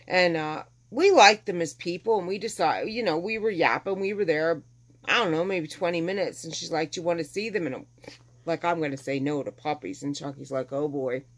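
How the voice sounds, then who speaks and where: Middle-aged woman, rambling casual storytelling, low-ish voice, acts out dialogue. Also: a little fast. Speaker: vlogger telling her rescue story.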